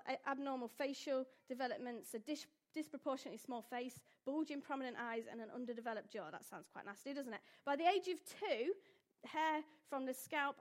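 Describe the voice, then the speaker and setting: A young woman speaks to a gathered audience in a loose, informal way. Her voice sits high, and she keeps things light with asides and questions to the listeners. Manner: chatty, jokey, asks the audience questions. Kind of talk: informal talk to a live audience.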